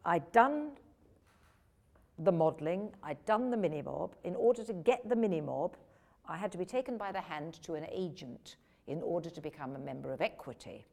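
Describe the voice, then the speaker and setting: An older woman from England, an actress telling lively, self-deprecating stories about her career at a question-and-answer session. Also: lowish voice, moderate pace, vocal fry. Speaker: actress guest at a film Q&A. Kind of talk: anecdotal Q&A storytelling.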